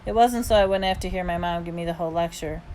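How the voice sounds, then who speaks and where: A woman's voice: lowish voice, quick pace, darkish tone, slight background noise, low-quality recording. A woman reading an audiobook aloud in the first person, in a casual, conversational way. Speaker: audiobook reader.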